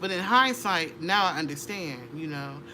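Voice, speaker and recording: A middle-aged woman, an interview guest, telling a personal story with animated energy, laughing and acting out voices. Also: lowish voice, moderate pace, slight background noise. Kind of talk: conversational storytelling.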